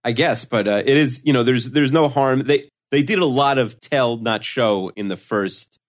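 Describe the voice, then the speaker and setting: A man's voice: medium pitch, normal speed. Man making dry, wry remarks in chat. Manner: dry, wry remarks with "uh" and "you know" fillers. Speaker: podcast co-host. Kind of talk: casual chat.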